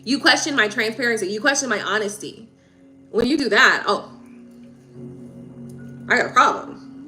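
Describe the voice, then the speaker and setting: A woman's voice: a little high, moderate pace, sharp tone, faint music behind. A woman hosting a live tarot stream, venting heatedly in casual talk, swearing and repeating herself.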